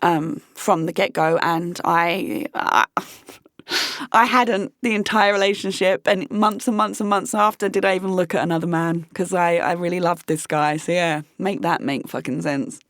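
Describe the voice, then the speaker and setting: A woman's voice: lowish voice, fairly even intonation, normal speed, fairly bright tone, no room sound, studio quality. A young woman vlogger telling a personal story in a frank, heated way, swearing freely.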